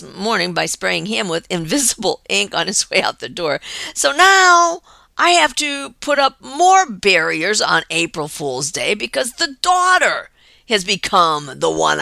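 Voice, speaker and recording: An older woman hosting her own show, chatting through a personal story in an animated, storytelling way. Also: lowish voice, creaky, dry recording. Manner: chatty, animated storyteller acting out quoted voices. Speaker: show host.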